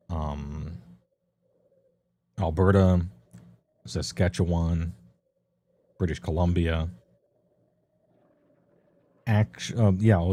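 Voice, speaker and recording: A man's voice: deep voice, dark tone. A man streaming a casual, rambling rundown of tabletop game books, offhand and full of ums. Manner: loose and offhand, many ums, laughs at himself.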